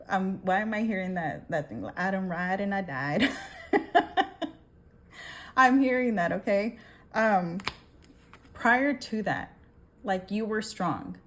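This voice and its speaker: Woman reading tarot cards, animated and swearing, keeps asking okay?. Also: medium pitch. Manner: animated, emphatic, swears and laughs often. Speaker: tarot reader. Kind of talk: casual tarot reading to camera.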